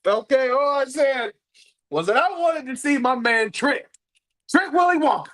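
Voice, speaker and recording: A podcast co-host chats casually while reviewing wrestling, hyped and playful, repeating phrases for emphasis. His voice is very high-pitched, a bit bright, and unhurried.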